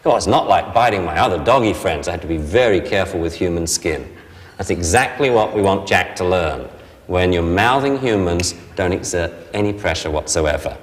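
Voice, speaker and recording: A man teaching a puppy training class in a lively, playful way. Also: low voice, normal speed, in a large hall. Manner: lively, playful, acts out dog voices. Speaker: dog trainer.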